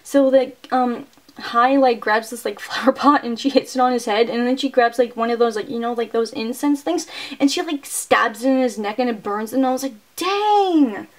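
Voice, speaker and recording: A young adult woman reviewing a movie, retelling the plot in an excitable, casual way and filling her sentences with "like". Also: on the high side, fairly quick. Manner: chatty and excitable, heavy use of "like" fillers.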